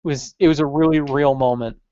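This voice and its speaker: A man's voice: fairly high pitch, steady tone, quick pace, mellow, dry recording. A man joking crudely through a casual podcast, often mimicking other people. His voice sounds dry and close, and slightly dull and lo-fi. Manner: joking, crude, often puts on mock quotes. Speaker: podcast co-host. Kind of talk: casual chat.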